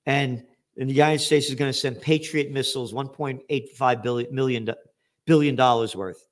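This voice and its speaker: A man's voice: medium pitch, fairly even intonation, moderate pace. An older man hosting a commentary show, ranting angrily and sarcastically with lots of swearing. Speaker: show host. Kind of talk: angry political commentary.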